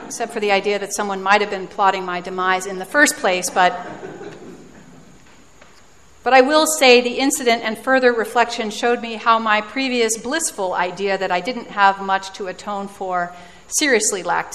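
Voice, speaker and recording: A woman's voice: medium pitch, normal speed, a bit bright, a little hiss or hum. Female preacher, reflective storytelling sermon with dry self-mocking humor, long hall reverb.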